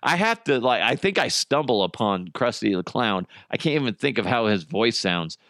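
A man's voice: fairly low pitch, big pitch swings, moderate pace, fairly bright tone, no room sound, clean studio sound. Giggly, rambling podcast host, a man. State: high. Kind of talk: loose comedy podcast chat.

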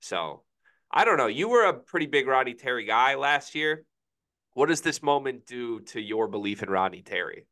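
On a laid-back sports podcast, this young co-host has a mid-range, bright, forceful voice with a sing-song lilt and a moderate pace. He's reflective and noncommittal, frequently admitting he isn't sure with lots of "I don't know"s.

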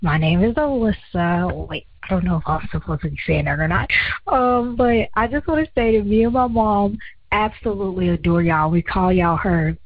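A young woman leaves a friendly, slightly nervous message asking for advice. Her voice is husky and breathy, and the recording sounds muffled and completely dry. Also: mid-range voice, normal speed, no room sound. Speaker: caller. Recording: muffled, dry phone-quality audio.

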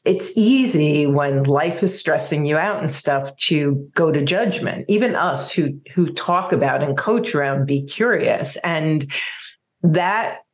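A woman in her fifties hosting a parenting podcast, reflective and searching for words with many fillers. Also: sits low. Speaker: podcast host and parenting coach. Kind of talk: podcast interview conversation.

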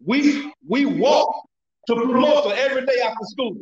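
A man's voice: very high-pitched, moderate pace, a loud crowd. Emphatic older man in echoey room. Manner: emphatic, repeats himself. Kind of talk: casual reminiscing. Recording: roomy, distant, dull sound.

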